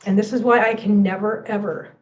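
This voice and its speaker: A woman's voice: mid-range voice, steady tone, brisk, a little mellow. Tearful, impassioned woman streamer. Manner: emphatic, impassioned, repeats phrases. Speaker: cat channel host. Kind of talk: livestream chat to viewers.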